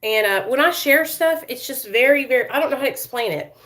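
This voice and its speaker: A woman's voice: high-pitched, animated, fairly quick, fairly bright tone, poor audio. A woman in her thirties talking to her viewers as a vlogger, emotional and rambling, with many fillers and asides. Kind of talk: emotional casual talk to viewers.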